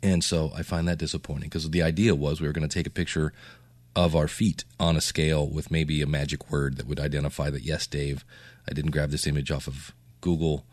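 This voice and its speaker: Very deep-voiced man chatting on a podcast. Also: flat delivery, brisk, a little mellow, no echo. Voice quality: low morning voice. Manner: rambling, chatty, with fillers and self-asides. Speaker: podcast host. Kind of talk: casual solo podcast update.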